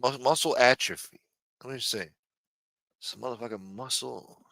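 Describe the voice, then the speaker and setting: A man's voice: medium pitch, moderate pace, creaky, a bit bright, no room sound. A man with a New Jersey accent hosting a casual livestream, reading the chat aloud in rambling, profane street talk. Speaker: livestream host.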